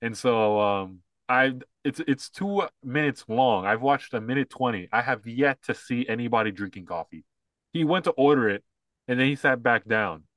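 A man co-hosting a casual podcast, giving opinions and mocking an ad, now and then quoting lines in a high put-on voice. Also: moderate pace, fairly bright tone, no echo. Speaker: podcast co-host.

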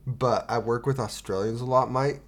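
Man telling a rambling deadpan story. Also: mid-range voice, normal speed. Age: 20s. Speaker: podcast host. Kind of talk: casual comedic chat.

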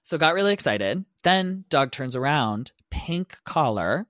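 A man's voice: fairly high pitch, a little slow, dry recording, clean studio sound. A young man co-hosting a podcast, telling a story in casual chat, swearing freely and acting out the lines of the people in it. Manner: animated, swearing, acts out quotes. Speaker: podcast co-host.

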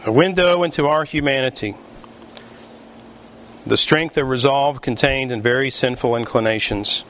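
A male pastor preaching a sermon, emphatic and deliberate, with pauses between phrases. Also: medium pitch, a bit bright, a little hiss or hum.

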